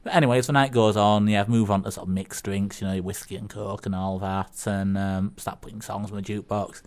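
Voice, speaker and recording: A man's voice: lowish voice, fairly even intonation, fairly quick. Rambling English man telling jokes. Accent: Northern English. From England. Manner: rambling, hesitant, full of fillers. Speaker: radio co-host. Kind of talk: casual radio chat telling jokes. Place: community radio studio.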